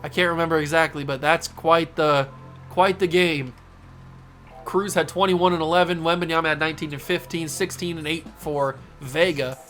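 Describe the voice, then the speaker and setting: A young man talks casually over his basketball video game and slips into play-by-play, shouting when a big play lands. His voice sits a little high. Faint music plays in the background. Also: moderate pace. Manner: excited play-by-play with bursts of shouting. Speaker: gaming channel host.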